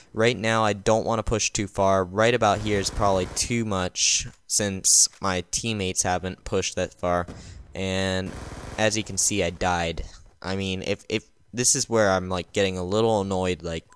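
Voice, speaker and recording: A man's voice: lowish voice, fairly bright tone, slight background noise. A tired man giving a casual, rambling voice-over about a game he played, filling his talk with ums and restarts. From United States. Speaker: gaming channel host. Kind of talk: casual gameplay voice-over commentary.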